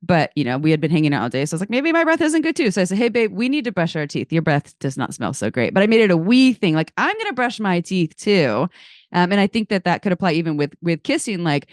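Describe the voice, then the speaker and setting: A woman co-hosting a podcast, chatting quickly and directly. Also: lowish voice, animated, no room sound, studio quality. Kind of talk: casual podcast chat.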